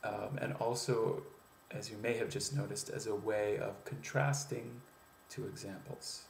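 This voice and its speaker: A man teaching pronunciation as an accent coach, explaining step by step with many "um" pauses and spoken demonstrations. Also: lowish voice, fairly even intonation, gravelly, a little hiss or hum. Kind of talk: instructional video lesson. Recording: echoey room, faint ambience.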